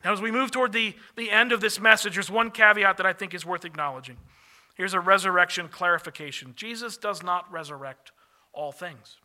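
High, bright-voiced male pastor preaching. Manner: earnest, slows and drops softly on key phrases. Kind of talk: sermon.

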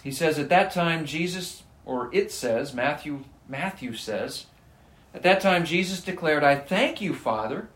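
A man preaching a sermon, earnest and emphatic, reading scripture aloud and pressing his points. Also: on the high side. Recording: echoey room.

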